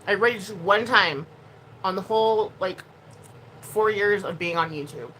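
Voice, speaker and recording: A woman YouTuber talking casually to her camera in an animated, expressive way, moving between quiet asides and loud bursts. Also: mid-range voice, a little slow, a little hiss or hum, low-quality recording.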